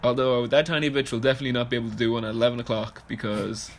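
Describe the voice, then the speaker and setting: A man's voice: mid-range voice, flat delivery, rapid-fire. A man co-hosting a podcast in casual, teasing chat, laughing often. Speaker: podcast co-host. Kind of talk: casual chat about fantasy sports.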